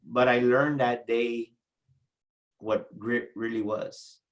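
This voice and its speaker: A man's voice: mid-range voice, little pitch movement, rough recording. Emotional middle-aged man telling his story. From South Texas. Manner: emotional, halting, repeats words. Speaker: guest entrepreneur. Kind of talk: personal storytelling in an interview.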